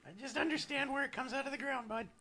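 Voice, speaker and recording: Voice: high voice, fairly even intonation, fast talker, a crowd in the background. A player in a tabletop role-play who plays a cleric, bantering bluntly and teasing the shopkeeper.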